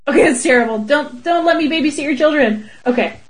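A woman's voice: sits high, fast talker. A woman co-hosting a casual comedic chat, playful and bawdy, laughing often. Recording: voice recording.

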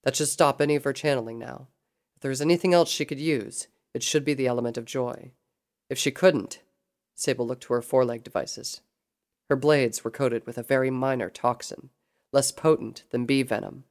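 Steady audiobook narrator reading fan fiction. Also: medium pitch, normal speed.

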